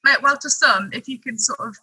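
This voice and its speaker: A woman's voice: fairly high pitch, brisk, sharp tone, husky, no echo, rough recording. A woman, a podcast producer appearing as a guest, chatting casually and laughing easily. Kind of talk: casual chat.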